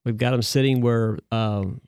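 A man serving as a deacon, answering questions in a measured, thoughtful way. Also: medium pitch, steady tone, darkish tone, clear, resonant tone, no room sound. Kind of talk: conversational interview answer.

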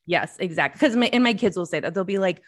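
A woman's voice: on the low side, lively intonation, fast, no room sound, clean studio sound. A middle-aged woman co-hosting a casual faith podcast, chatty and prone to wandering off on tangents. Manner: chatty, meandering, easily sidetracked. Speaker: podcast co-host.

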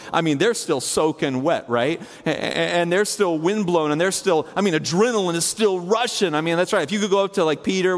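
A male pastor preaching a conversational sermon full of fillers, dropping to a hushed low voice and rising high again as he retells a scene. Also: long reverb tail. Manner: conversational, imaginative storytelling with many fillers; swings between hushed low and raised high delivery.

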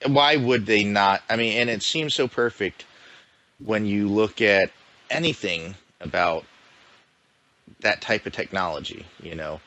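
Male co-host, low pitch, bright edge, joking, casual swearing. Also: measured pace. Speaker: podcast co-host. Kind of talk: casual gaming podcast chat.

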